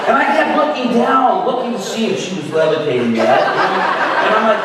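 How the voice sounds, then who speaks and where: A man telling a lively story in a sermon, acting out the voices of the people in it. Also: high-pitched, fairly quick, heavy background noise. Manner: animated, acts out voices in his story. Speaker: preacher. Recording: echoey hall from far off.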